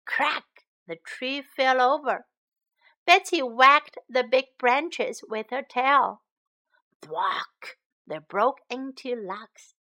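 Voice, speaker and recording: A woman narrating a children's storybook for English learners. She reads slowly and clearly, in a high, bright, expressive voice.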